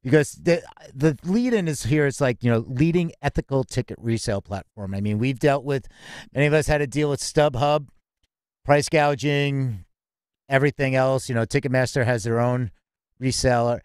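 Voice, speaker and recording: A man's voice: medium pitch, normal speed, a little mellow, smooth, dry recording, clean studio sound. Casual man hosting music news chat. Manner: reads headlines then riffs loosely with many fillers. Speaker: podcast host.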